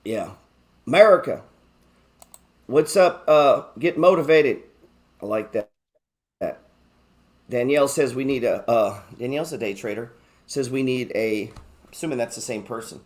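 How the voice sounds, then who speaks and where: A man's voice: mid-range voice, moderate pace, long pauses, darkish tone. Chatty man hosting a market show. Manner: chatty, swears freely, brags and jokes; reads viewer chat aloud. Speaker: stock market show host. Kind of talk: casual live market commentary.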